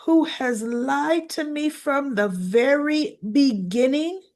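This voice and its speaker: A woman's voice: high-pitched, slow pace, darkish tone, pitched above the performer's own voice. A woman voicing a betrayed young bride accusing her friend in a soap-opera scene she retells. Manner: accusing, emphatic.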